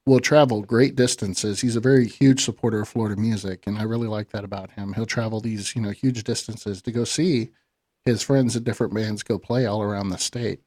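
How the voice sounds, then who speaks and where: A man's voice: on the low side, steady tone, fairly quick, a little mellow, no echo. Male host, casual interview, friendly questions, um and you know, dry voice.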